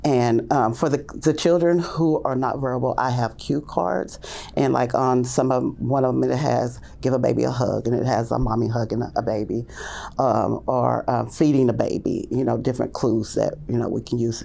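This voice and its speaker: A woman teacher with a gravelly, heavily creaking voice and a dark, mellow tone. She tells her classroom stories in a rambling, casual way, full of fillers, and slips into hushed or lifted voices to act out what she and the little ones say. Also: fairly even intonation, moderate pace. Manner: acts out classroom talk in hushed and high voices; loose, rambling with many fillers. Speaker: early childhood teacher. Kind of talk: casual storytelling in a podcast interview.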